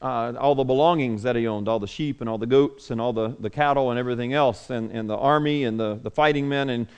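A man's voice: medium pitch, fast talker, clear, resonant tone. A man reading scripture aloud, then explaining it in a conversational Bible lesson full of rhetorical questions. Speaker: Bible study teacher.

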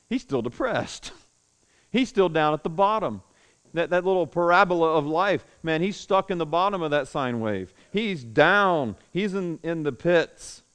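A man preaching a sermon to a congregation in a room, telling the story with animated swings between loud declaiming and hushed tones. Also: on the high side, a little slow, clean tone. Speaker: pastor.

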